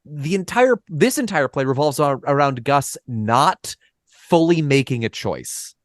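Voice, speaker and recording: A man's voice: a little high, expressive, a little slow, dry recording, clean studio sound. A man in a casual podcast discussion of a play, thinking aloud with many fillers and hedges. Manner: thoughtful, hedging, many fillers. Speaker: podcast co-host or guest.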